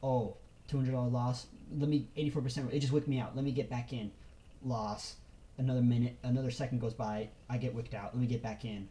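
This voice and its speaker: A young man telling a casual vlog story about his own trading, talking in quick, animated bursts with slang and swearing. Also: mid-range voice, a little hiss or hum, poor audio. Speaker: trader.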